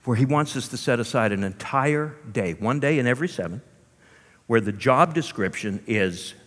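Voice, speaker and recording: A male pastor preaching a sermon with animated storytelling and rhetorical asides, in a church hall. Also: medium pitch, normal speed. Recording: long hall reverb.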